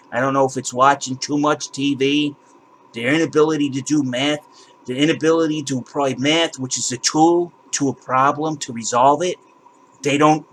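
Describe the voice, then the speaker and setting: A man's voice: fairly high pitch, a little hiss or hum, low-quality recording. A man hosting a channel, ranting with indignation and exasperation, swearing and repeating words as he walks viewers through his screen. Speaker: crypto channel host.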